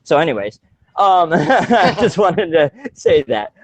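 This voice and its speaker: A man's voice: on the high side, very animated, slow pace, no echo. A man co-hosting a casual podcast, rambling with many fillers and restarts and laughing often. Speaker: podcast co-host.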